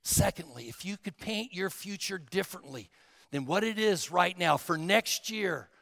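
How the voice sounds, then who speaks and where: A male pastor preaching a sermon, emphatic and dramatic, dropping to a hush and then rising to a shout. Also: high-pitched, animated, moderate pace, vocal fry, big-room sound. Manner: emphatic, swinging from hushed to shouting.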